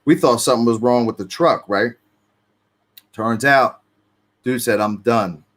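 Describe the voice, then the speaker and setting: A man's voice: medium pitch, measured pace, a bit bright. A man telling his own story in casual street slang, swearing freely and acting out what people said. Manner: street slang, profane, acts out quotes.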